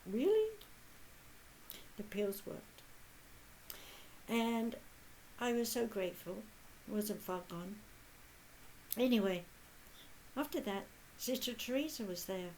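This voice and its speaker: Earnest elderly woman medium, measured pace. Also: medium pitch, a little mellow, slight background noise, poor audio. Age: 80s. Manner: measured and earnest, with long pauses. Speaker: spiritual medium. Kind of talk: channeled spiritual talk.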